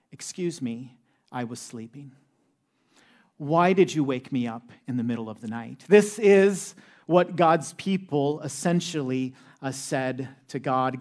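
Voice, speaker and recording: A man's voice: a little high, darkish tone. A man in his thirties, a pastor preaching a sermon in a conversational, humorous way with many "uh" fillers.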